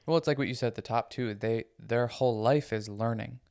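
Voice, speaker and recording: A man's voice: mid-range voice, fairly quick, vocal fry, darkish tone, clear, resonant tone. A man co-hosting a casual podcast, talking earnestly and emphatically, often repeating himself to stress a point. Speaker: podcast co-host. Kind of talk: casual conversational podcast chat.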